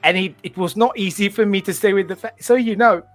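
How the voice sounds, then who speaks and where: A middle-aged man interviewing a singer, effusive and warm, full of stammering restarts. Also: sits high, a little fast, faint music behind. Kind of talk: friendly interview chat.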